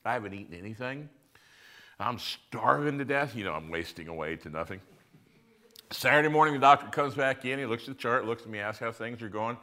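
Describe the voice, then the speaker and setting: A male pastor telling a personal story in a sermon, conversational, moving between loud emphasis and hushed moments. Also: mid-range voice, fairly quick.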